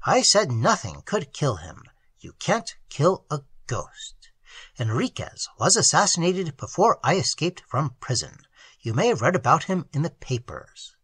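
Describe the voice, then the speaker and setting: A worldly man recounts his tale in a calm, wry way, voiced by a man reading the story. His voice is bright and husky, with a lively pitch. It sounds close and dry. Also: measured pace, no room sound, exaggerated voice.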